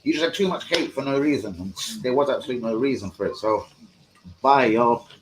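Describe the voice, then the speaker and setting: A man's voice: mid-range voice, animated, a little fast, a little hiss or hum, rough recording. A young man hosting a live fan stream, profane, combative and mocking as he talks to his chat. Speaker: fan channel host. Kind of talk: live-stream football rant.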